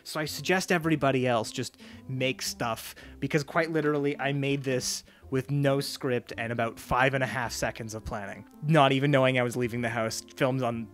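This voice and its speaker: A man's voice: medium pitch, fairly even intonation, moderate pace, fairly bright tone, soft background music. A young man casually talking over his old videos, self-mocking and laughing often as he chats. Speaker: YouTuber.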